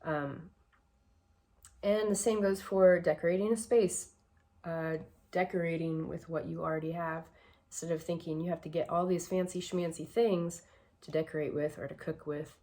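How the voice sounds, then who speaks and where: A woman's voice: lowish voice, fairly even intonation, moderate pace, mellow. A woman vlogger giving casual personal advice, reflective and a bit emotional, with a shaky voice and many fillers.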